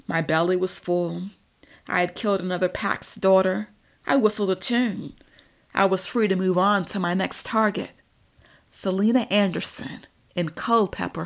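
Woman narrator, low-ish voice, steady audiobook delivery. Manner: measured, even storytelling. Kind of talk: audiobook reading.

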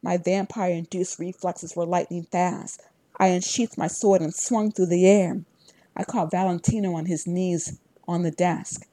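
A woman narrating a first-person fantasy audiobook in a steady, even storytelling voice on a close mic. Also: on the low side, measured pace, no room sound.

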